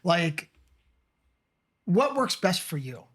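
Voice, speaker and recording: A man hosting a podcast, asking questions in a relaxed, encouraging way. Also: high-pitched, slow, husky. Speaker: podcast host. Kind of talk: casual interview chat.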